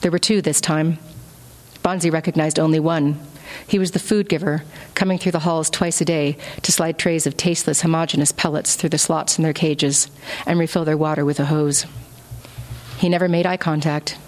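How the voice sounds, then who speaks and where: A woman author reading from her novel at a live event, then answering audience questions in a relaxed way. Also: low voice. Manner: measured narration, relaxed with fillers in answers.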